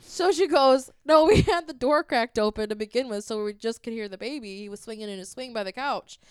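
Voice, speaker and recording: A woman's voice: on the high side, brisk, clean tone, no echo. A woman telling a long, profanity-laced story in casual chat, laughing often as she recounts a text exchange.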